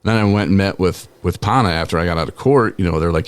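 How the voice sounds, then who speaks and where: Man, forties, very low voice, laid-back podcast storytelling, lots of "man" and "you know", dry close sound. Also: fast talker, smooth, no echo. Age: 40s. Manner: casual, conversational, peppered with "man" and "you know"; laughs while telling stories. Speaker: podcast host. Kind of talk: personal storytelling monologue.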